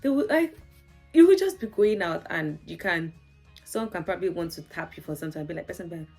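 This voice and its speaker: A woman's voice: lowish voice, lively intonation, fast, a little mellow, soft background music. A Nigerian woman vlogging in a casual, chatty, storytelling way, laughing often and saying "like" a lot. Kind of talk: casual chat to camera.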